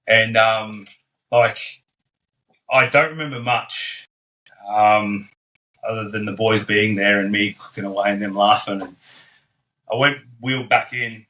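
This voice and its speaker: A man's voice: fairly low pitch, steady tone, a little slow, long pauses, pushed and bright, low-quality recording. A young man telling his story as a podcast guest in a casual, blunt way, swearing freely and dropping plenty of ums and likes.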